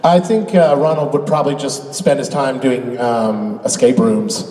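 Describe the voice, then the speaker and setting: A man's voice: mid-range voice, steady tone, normal speed. A man from Canada making wry jokes on a convention panel. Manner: wry, joking. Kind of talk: joking panel banter. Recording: noisy echoing hall, distant mic.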